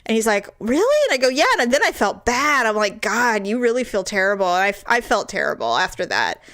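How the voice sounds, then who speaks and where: A woman's voice: mid-range voice, animated, fast talker, fairly bright tone, dry recording, studio quality. A woman in her forties co-hosting a podcast, telling a story in casual chat, acting out quoted voices and laughing often. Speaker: podcast co-host.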